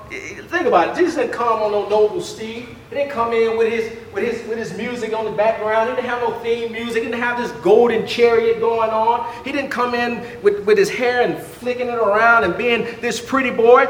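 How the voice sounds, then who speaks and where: High-voiced preacher in an echoing hall. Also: male voice, steady tone, normal speed, few pauses, fairly bright tone, slight background noise. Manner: fervent, with rhetorical questions and stammered restarts. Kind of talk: sermon.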